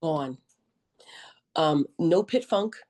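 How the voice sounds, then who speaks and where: A middle-aged woman as a podcast guest, telling her story in a lively, joking, colloquial way and acting out her own quotes. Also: sits low, drawn-out words. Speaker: podcast guest, army veteran nurse. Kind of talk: conversational interview storytelling.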